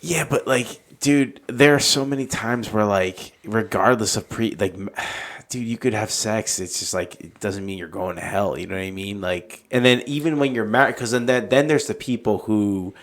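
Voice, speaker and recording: A man's voice: lowish voice, moderate pace, few pauses, a bit bright. A young man on a podcast, laid-back in casual chat, pushing back and swearing. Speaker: podcast host.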